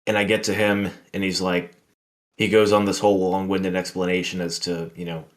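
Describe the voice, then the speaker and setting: A man's voice: deep voice, flat delivery, brisk. A man hosting a podcast, telling a work story in a rambling, filler-heavy, profane way. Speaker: podcast host. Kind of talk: casual storytelling chat.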